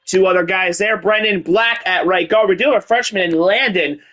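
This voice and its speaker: A man's voice: high-pitched, moderate pace, sharp tone. Man in a put-on Irish accent. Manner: hyped announcer calls with Irish-style "laddies". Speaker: video game dynasty host. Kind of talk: gameplay commentary.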